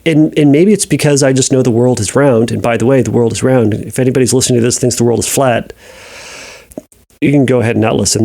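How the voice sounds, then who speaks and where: Animated man hosting an advice podcast. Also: mid-range voice, gravelly. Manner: animated, talks through examples in acted inner voices, restarts often. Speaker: podcast host answering listener questions. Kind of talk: casual advice monologue.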